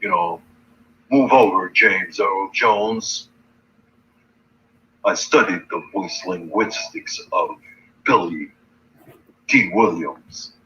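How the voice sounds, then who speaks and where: A man doing a mocking voice of a boastful deep-voiced man who talks through his nose. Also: sharp tone, far from the mic, heavily acted. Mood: smug. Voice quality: nasal. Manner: bragging, halting with fillers. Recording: dull lo-fi stream audio.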